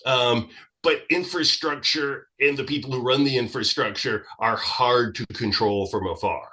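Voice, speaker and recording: Bright-voiced man explaining history. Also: medium pitch, normal speed. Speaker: guest historian. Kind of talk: explanatory interview talk.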